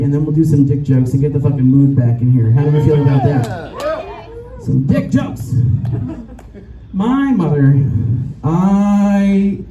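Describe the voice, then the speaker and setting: A woman's voice: deep voice, dark tone, dull audio. A middle-aged woman performing a brash, profane stand-up comedy set with crowd work. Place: rooftop bar show with a live audience. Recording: echoey, distant mic, crowd noise.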